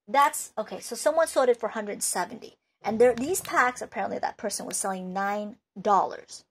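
Husky-voiced woman rambling in a vlog. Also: mid-range voice, expressive, normal speed. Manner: rambling and emphatic, with many restarts. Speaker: card collector and video maker. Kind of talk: unscripted vlog talk.

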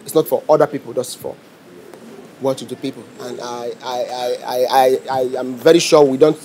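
A man's voice: mid-range voice, fairly even intonation, normal speed, dark tone, slight background noise. A man with a Nigerian English accent playing a waiter in a comedy skit, politely insisting on payment with a mocking edge.

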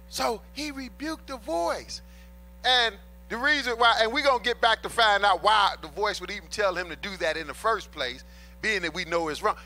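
A man's voice: high-pitched, pushed and bright. A man preaching a sermon in an emphatic, colloquial way, repeating his key points and addressing the congregation as brothers and sisters. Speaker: pastor.

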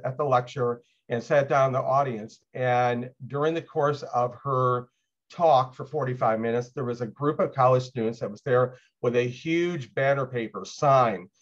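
A man of middle pitch tells a personal story to open a lecture. His delivery is loose and conversational, dotted with filler sounds. The audio has the dull, lo-fi quality of a video call. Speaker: LGBTQ+ lecturer.

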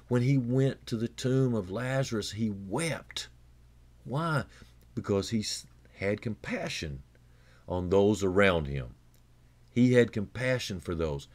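A man preaching a radio sermon as a pastor, earnest and conversational, with frequent restarts and repeated words. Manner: earnest, repeats words and restarts, rises in pitch for emphasis then drops low and quiet.

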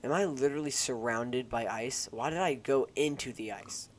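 A man's voice: mid-range voice, moderate pace, few pauses. A young man giving casual, self-deprecating commentary while playing a game, rambling and joking to his viewers through a headset mic. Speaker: gaming YouTuber. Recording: noisy home recording with keyboard clicks.

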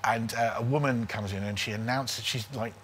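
A man in his forties, a comedian guest telling a comic story in a lively, casual way, often checking in with "right?". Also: medium pitch, moderate pace, a little hiss or hum. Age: 40s. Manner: animated, keeps tagging lines with "right?".

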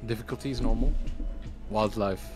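A man's voice: fairly low pitch, moderate pace, music in the background. A man co-streaming a survival game, bantering and teasing in a dry, joking way. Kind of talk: casual gameplay chat.

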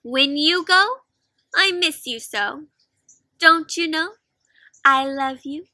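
A shy tiny mouse from a picture book, as a woman reader puts it on, slow and tender. The voice is high and very bright, recorded close and dry. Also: animated, no echo, full character voice.

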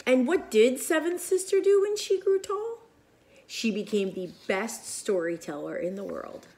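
A woman reading a picture book aloud to children in an expressive, animated way with whispered asides. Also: mid-range voice, gravelly, a little hiss or hum. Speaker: children's storyteller.

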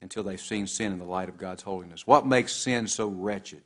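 Low-voiced man preaching a sermon. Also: normal speed. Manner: preaching with scripture quoted in old English, rising and falling emphasis.

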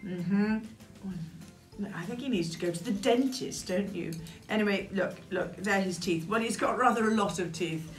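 A slow, playful woman talking to children, her voice bright and forceful with a sing-song lilt. She chats with a puppet as she goes. The room is echoey, with faint music behind. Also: medium pitch. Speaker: children's show host. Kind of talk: playful craft demonstration for children. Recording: roomy echo with faint music.

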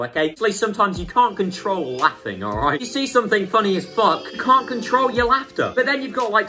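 A man's voice: sits high, pushed and bright. A man with a British accent giving profane, sarcastic reaction commentary as a video host.

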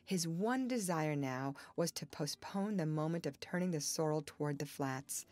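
A woman reads a classic novel aloud in a somewhat low voice. Her narration is measured and even, the steady pace of a scripted audiobook. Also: no echo.

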